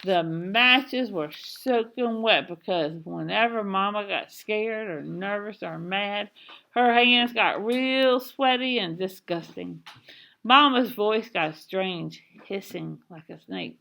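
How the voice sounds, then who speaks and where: A woman reading a children's novel aloud in a slow, expressive storytelling manner. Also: mid-range voice, creaky. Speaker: reader.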